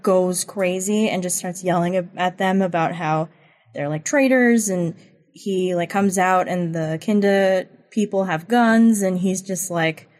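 A woman's voice: lowish voice, darkish tone. Podcast lady recapping a tv episode, lots of "like", casual and chatty. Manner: chatty, filler-heavy retelling. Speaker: podcast co-host.

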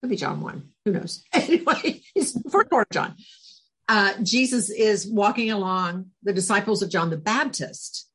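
A woman's voice: mid-range voice, moderate pace, breathy edge. A talkative, spunky woman telling stories as a podcast guest, laughing often. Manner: laughs often, animated storytelling. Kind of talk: casual interview chat.

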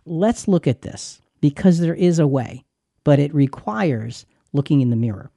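A man's voice: on the high side, expressive, moderate pace, gravelly, dark tone, no room sound, clean studio sound. A man co-hosting a Christian marriage teaching, talking with emphatic, preacherly repetition. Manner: emphatic, preacherly, repeats words. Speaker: Christian radio co-host.

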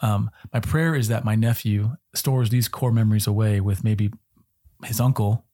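A man's voice: fairly low pitch, steady tone, moderate pace, dark tone. A middle-aged man co-hosting a casual faith-based parenting chat, earnest and a little preachy with joking asides. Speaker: podcast co-host.

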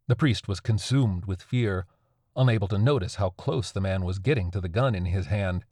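A man narrating a dark horror story in a steady, measured way. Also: low-pitched, husky, no echo, studio quality.

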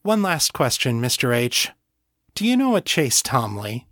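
A man's voice: medium pitch, big pitch swings, a little slow, a bit bright, no echo, clean studio sound. Man voicing a curt, hostile female agent. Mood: cold. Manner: curt, acidic.

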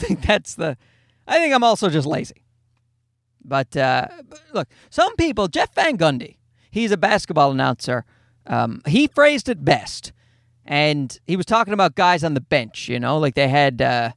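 A man's voice: on the high side, sing-song, unhurried, fairly bright tone, dry recording, studio quality. A male podcast host and stand-up comedian telling a rambling, profane, self-deprecating comic story.

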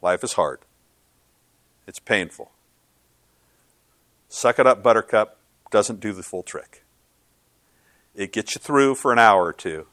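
A man preaching a sermon as pastor, earnest and swinging from loud to hushed. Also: fairly low pitch, lively intonation, a little slow, pauses often, no echo.

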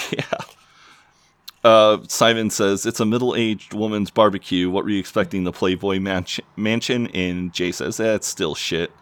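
A man co-hosts a podcast in a very deep voice, recapping a TV episode in loose, sweary chat full of fillers. The recording is close and dry with no room sound, and his tone stays offhand. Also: steady tone, a little slow, clean tone, dry recording. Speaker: podcast co-host.

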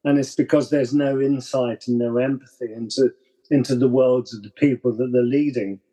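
This man has a mid-pitched voice that sounds dark and mellow, with a husky edge. He guests on a podcast in easy conversation, laying out his views in a reflective, measured way. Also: fairly even intonation. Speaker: podcast guest and blog writer. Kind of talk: casual conversation.

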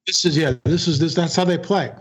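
Earnest higher-voiced man. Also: a little fast, husky. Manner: earnest, repeats phrases, acts out quoted dialogue. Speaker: guest filmmaker. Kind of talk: storytelling interview answer.

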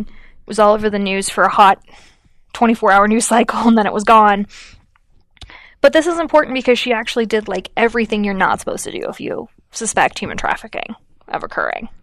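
A woman's voice: mid-range voice, dry recording. A woman co-hosting a podcast, telling a story in a chatty way with lots of fillers and acted-out quotes. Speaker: podcast co-host. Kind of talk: casual chat.

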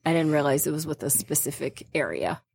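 A woman's voice: deep voice, very animated, brisk, creaky, a little mellow, husky, no echo. A young woman co-hosting a casual chat, chiming in with playful, teasing remarks and frequent laughter. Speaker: podcast co-host.

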